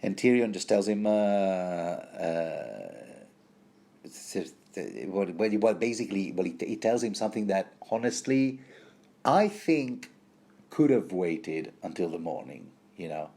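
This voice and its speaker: A man's voice: low-pitched, animated, a little slow, warm tone. A man giving a rambling, casual book commentary, full of fillers and wry asides.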